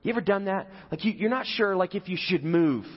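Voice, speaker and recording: This pastor's voice sits high, and he speaks expressively at a fairly quick pace. His sermon feels like a conversation as he keeps putting questions to the audience, captured in a dull, lo-fi recording with hall echo.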